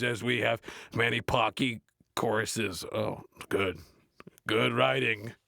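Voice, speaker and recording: An actor playing a gruff, blunt adult metal frontman, reading a play aloud in a deadpan, grumbling way and mocking the text. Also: mid-range voice, no echo, clean studio sound, exaggerated voice. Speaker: reader of a play. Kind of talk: comedic read-aloud with running complaints.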